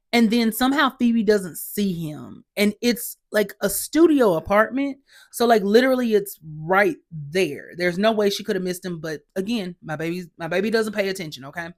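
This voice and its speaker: A woman hosts a podcast and recaps a TV episode in a casual, chatty way. She is sassy and exasperated, and her voice sits at a middle pitch for a woman. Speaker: podcast host.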